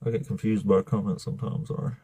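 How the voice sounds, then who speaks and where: A man's voice: on the low side, flat delivery, fast, creaky, mellow, breathy edge, no echo. A man with an Alabama accent hosting a live stream, talking casually and bluntly, swearing freely and laughing often. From Southern US.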